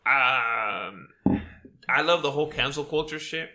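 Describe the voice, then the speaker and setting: Bright, gravelly man in brash chat. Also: mid-range voice, lively intonation, a little slow. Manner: provocative, brash. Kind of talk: casual chat.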